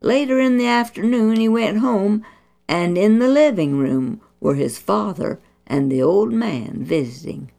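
Slow, gravelly woman storyteller. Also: medium pitch, lively intonation. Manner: gentle, deliberate, instructive. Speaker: children's storyteller. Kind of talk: children's Bible story narration.

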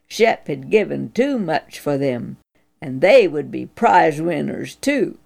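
A woman narrating a children's Bible story slowly and earnestly, her voice rising high in the tense moments. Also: creaky, a little mellow.

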